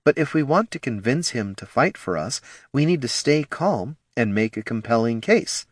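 A man voicing a calm, dry-witted female elf ranger who speaks in a measured way. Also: mid-range voice, no room sound, voice pushed up, natural voice.

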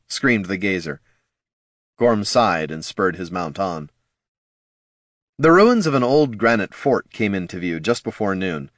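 A male audiobook narrator reading fantasy in a low, lively voice. His delivery is steady and expressive. The sound is close and dry, with no room. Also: unhurried, no echo.

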